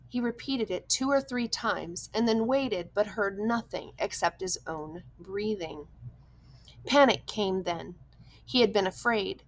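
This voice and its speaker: A woman reading a novel aloud as an audiobook, with measured, tense storytelling. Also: mid-range voice, low-quality recording. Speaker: audiobook reader. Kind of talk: scripted narration.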